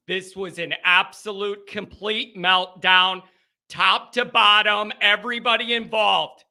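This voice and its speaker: High-pitched ranting sports call-in host. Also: male voice, unhurried, gravelly. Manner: worked-up, yelling, repetitive ranting. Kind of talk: post-game call-in rant.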